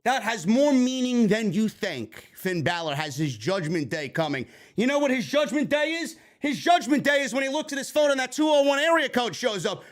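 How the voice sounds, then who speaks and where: A man from New York hosting a wrestling review livestream, swearing constantly and breaking into excitable shouting. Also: very high-pitched, normal speed, few pauses. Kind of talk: casual profane live commentary.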